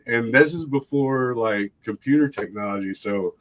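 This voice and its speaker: A man's voice: medium pitch, moderate pace. A man casually telling a long story, rambling with fillers, laughing often and acting out other people's voices. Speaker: livestream guest.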